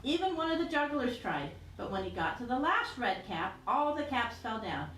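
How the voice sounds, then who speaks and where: Woman teacher reading a picture book aloud, animated, roomy echo, faint background noise. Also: fairly high pitch, moderate pace. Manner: animated storytelling.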